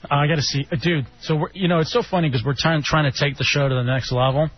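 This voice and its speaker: A man's voice: fairly high pitch, quick pace. A man co-hosting a radio talk show, mockingly reading aloud a promo sheet about the show. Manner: animated, mocking, reads aloud with sarcasm. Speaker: radio co-host. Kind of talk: casual radio banter. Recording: lo-fi radio broadcast with faint music.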